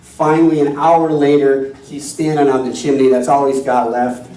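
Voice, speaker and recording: A man's voice: medium pitch, level tone, normal speed, mellow. A male minister preaching in a conversational, self-deprecating way, telling stories to his congregation. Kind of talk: sermon with storytelling. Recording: echoey hall from far off.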